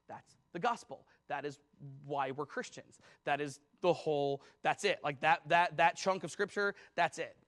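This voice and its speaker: A man's voice: a little high, normal speed, fairly bright tone. A man preaching a conversational sermon as pastor, talking casually and rambling with many fillers.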